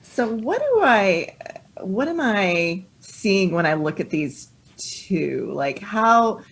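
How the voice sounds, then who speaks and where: A woman playing a tabletop game, animated and quick to laugh, with a breathy voice. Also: mid-range voice. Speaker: player. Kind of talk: tabletop role-play.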